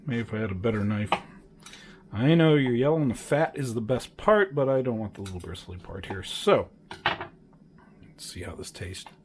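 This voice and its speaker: A man's voice: mid-range voice, sing-song, moderate pace, pauses often, background noise. A man casually narrating his home cooking, chatty and rambling, correcting himself often with plenty of fillers. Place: home kitchen.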